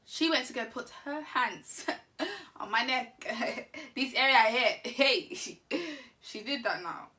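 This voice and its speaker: A woman's voice: a little high, slow, far from the mic. Slangy woman telling a story. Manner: animated, slangy, laughing storyteller. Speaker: vlogger. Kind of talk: casual storytime.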